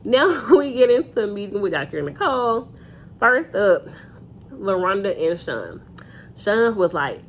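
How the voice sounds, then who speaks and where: A woman's voice: medium pitch, very animated, measured pace, slight background noise. A young woman giving a casual, opinionated reality TV recap straight to her viewers on a phone camera. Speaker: reality TV reviewer.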